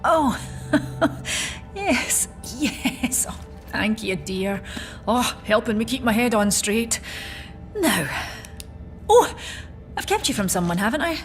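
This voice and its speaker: A woman's voice: on the high side, sing-song, takes it slowly, pauses often, faint music behind. An actress playing a confused, forgetful elderly mother who murmurs and wanders in a game cinematic. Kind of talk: video game cinematic acting.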